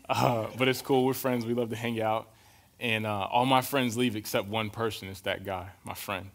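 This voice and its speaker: A young adult man preaching a relaxed, conversational sermon, telling stories and often checking in with his listeners. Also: fairly low pitch, normal speed. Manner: casual, storytelling, keeps checking in with "right?".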